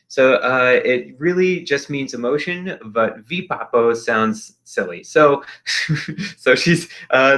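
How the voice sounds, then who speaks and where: A young man leads a casual virtual arts lesson. His voice has a bright, forward edge, and he stays upbeat, filling pauses with lots of ums and uhs. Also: mid-range voice. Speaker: expressive arts teacher.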